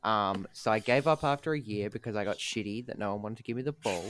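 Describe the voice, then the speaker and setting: A man's voice: fairly low pitch, fast, background noise. A young man co-hosting a podcast, talking in a laid-back, self-deprecating way full of ums. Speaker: podcast co-host. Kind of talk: casual chat.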